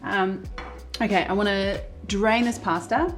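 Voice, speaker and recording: A woman's voice: medium pitch, fairly even intonation, measured pace. A woman hosting a casual cooking demonstration, chatting through each step as she cooks in a kitchen. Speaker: cooking show host. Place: home-style kitchen, cooking at the stove. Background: sizzling pan and soft music.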